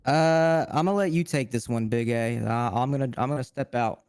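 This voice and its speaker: A man in casual stream banter, playing an investor judge. He talks quickly, stammering and restarting as he thinks aloud. The recording is dry and close. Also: mid-range voice, a little mellow, smooth, dry recording.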